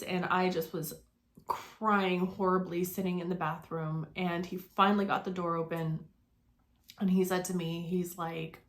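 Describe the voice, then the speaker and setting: A woman's voice: on the low side, steady tone, measured pace, long pauses. A woman in her forties telling her own life story in an earnest, reflective way, with many fillers and restarts. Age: 40s. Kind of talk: personal storytelling to camera.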